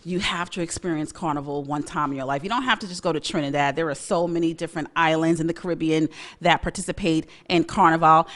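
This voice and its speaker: A woman's voice: sits low, steady tone, fast, few pauses, a bit bright. A young woman from Brooklyn hosting a casual talk show, chatty and opinionated, laughing often and slipping into a Caribbean lilt now and then. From Brooklyn, New York. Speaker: host.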